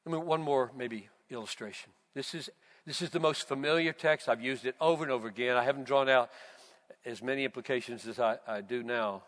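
A man preaching a sermon, slow and emphatic, building to loud, fervent repetitions. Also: medium pitch. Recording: long reverb of a large hall.

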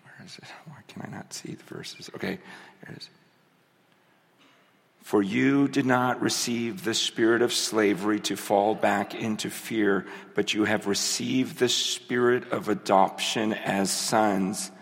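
A man's voice: on the low side, steady tone, unhurried, creaky. Emotional preacher man in an echoing hall. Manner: emotional, repetitive, restarts often. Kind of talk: sermon. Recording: long hall reverb.

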